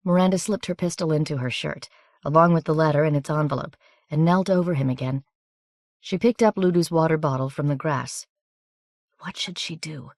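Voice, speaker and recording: A woman narrating an audiobook in an even, measured, scripted reading on a close studio microphone. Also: deep voice, dry recording.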